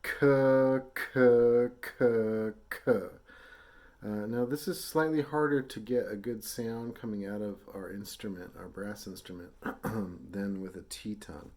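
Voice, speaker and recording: In this brass lesson, a man speaks at normal speed with a lowish, darkish voice. Patient and relaxed, with fillers, he voices tonguing syllables for his students to repeat.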